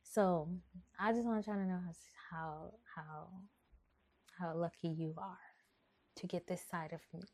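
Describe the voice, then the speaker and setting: A sassy, bossy young woman with a thick New Orleans accent, as a podcaster puts her on. Her voice sits low and mellow, and she teases with attitude. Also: steady tone, a little slow, long pauses. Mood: boastful.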